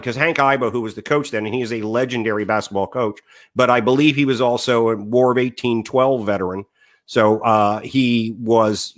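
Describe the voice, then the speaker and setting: A man co-hosting a casual sports podcast, telling long stories with many pauses and fillers. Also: medium pitch, fairly bright tone. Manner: rambling storyteller, many "uh" fillers. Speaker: podcast co-host.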